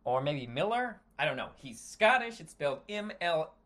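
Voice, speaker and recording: Here a US podcast host, speaking alone, rants in a slightly high, fairly bright voice that is very animated yet moderately paced. He swears heavily and often trails off, correcting himself and starting over.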